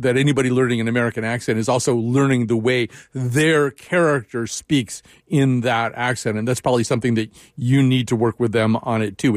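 A man's voice: mid-range voice, dry recording. Man interviewing in a dry voice. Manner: halting, thinks aloud with many restarts. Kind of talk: radio interview conversation.

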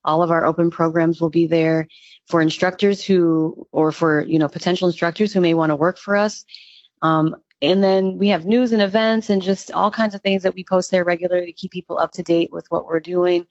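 A woman's voice: fairly low pitch, steady tone, a little fast, darkish tone, no echo, muffled recording. A woman who runs a youth music nonprofit speaks as an interview guest, talking enthusiastically with frequent "um" fillers.

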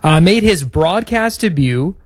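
A man's voice: on the high side, expressive, measured pace. A man co-hosting a podcast, recounting a bit of history in an upbeat, casual way. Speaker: podcast co-host. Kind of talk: casual chat.

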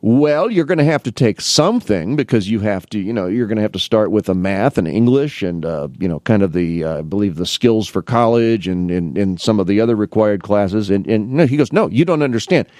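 A middle-aged man from the Midwest United States tells casual stories about advising students. He talks with lively rises and falls in pitch and acts out both sides of each exchange. His voice sounds dry and close, with no room sound. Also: fairly quick, hardly any pauses, no room sound. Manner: rambling anecdotes with restarts, acting out both sides of conversations. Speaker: college academic advisor. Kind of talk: casual storytelling monologue.

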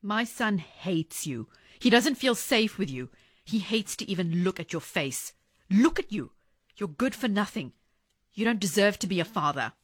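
Woman as a fed up ex-wife, lively up-and-down voice, dry close sound. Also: medium pitch, moderate pace, no room sound. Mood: defiant. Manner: defiant, cutting. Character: fed-up ex-wife defending her son.

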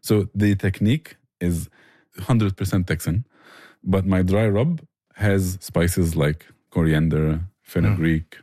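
A man's voice: low-pitched, fairly even intonation, takes it slowly, mellow, no echo, studio quality. A man, a barbecue restaurant owner answering interview questions earnestly and enthusiastically, often restarting his phrases.

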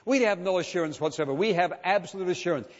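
A man's voice: high-pitched, fast. A man preaching a sermon as pastor, emphatic and driving his points home with rhetorical questions and repetition. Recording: dull lo-fi sound with long hall reverb.

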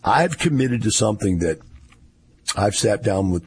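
Gravelly, deep-voiced older man. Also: lively intonation, measured pace. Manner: rambling, folksy storyteller with wry laughs. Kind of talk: casual monologue.

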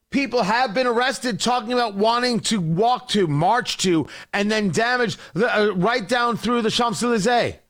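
A man's voice: sits high, a bit bright. A man hosting a talk show, delivering an impassioned, sarcastic opinion monologue.

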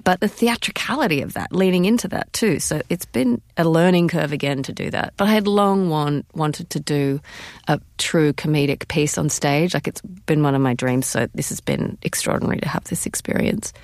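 A woman's voice: deep voice, normal speed, darkish tone, no echo, studio quality. A woman, a stage actress, answering interview questions with enthusiasm, laughing often and restarting her sentences.

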